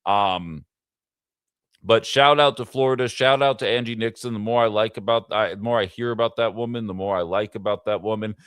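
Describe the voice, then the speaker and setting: Rambling male livestream host, smooth voice. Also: on the low side, fairly bright tone, no room sound. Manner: talkative and rambling, with fillers and quick asides to chat. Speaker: livestream political show host. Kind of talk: casual political commentary livestream.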